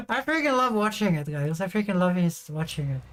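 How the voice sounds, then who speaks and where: A woman's voice: fairly low pitch, animated, normal speed. A woman from Sweden livestreaming in a loose, rambling way. She giggles often and swears without a second thought as she chats with her viewers. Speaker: streamer. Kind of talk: casual livestream chat.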